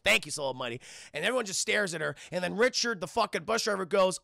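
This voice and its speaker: A man recapping a film for his stream chat in a casual, animated way, laughing and swearing often. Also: sits high, quick pace, gravelly, dry recording. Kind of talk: casual profane plot recap.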